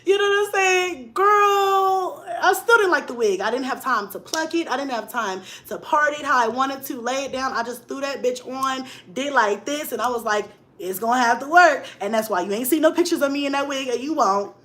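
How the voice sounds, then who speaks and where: A young woman vlogger telling a story in casual chat, laughing often and swinging between loud bursts and hushed asides. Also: sits high, animated, a little fast, hardly any pauses.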